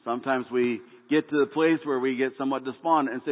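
A man gives a sermon in a folksy, joke-telling way, often stumbling into fillers and restarts. His voice sits at an ordinary middle pitch. It comes through a tinny, phone-like line with a long hall echo behind it. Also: fairly even intonation, fast. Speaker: pastor.

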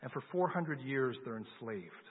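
A man's voice: mid-range voice, lively intonation, measured pace, breathy edge. A man preaching a sermon, telling a Bible story in a conversational way and asking his listeners questions. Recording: lo-fi phone-like sound with long hall reverb.

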